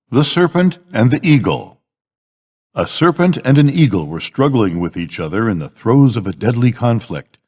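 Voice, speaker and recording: Expressive older man reading bedtime fables. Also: fairly low pitch, normal speed, big-room sound. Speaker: grandfather reading to a grandchild.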